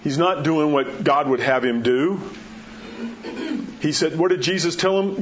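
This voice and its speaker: A male pastor preaches in a relaxed, conversational way, acting out the quotes and sinking low and quiet for his key points. His voice sits a little high for a man. The recording is slightly dull, with a faint hiss behind him. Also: normal speed. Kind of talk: sermon. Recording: dull muffled sound with faint background hiss.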